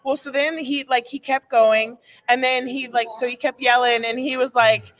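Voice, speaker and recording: A woman's voice: sits high, steady tone, moderate pace, fairly bright tone, low-quality recording. A woman co-hosting a podcast, telling a story in casual chat, acting out quotes and swearing freely. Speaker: podcast co-host.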